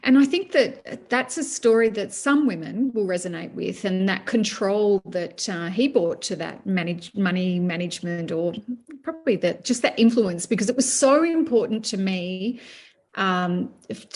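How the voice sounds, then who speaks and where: Middle-aged woman coach, mid-range pitch, earnest, talks in long winding sentences. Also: lively intonation, normal speed, darkish tone. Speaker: guest, money management coach. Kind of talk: conversational interview.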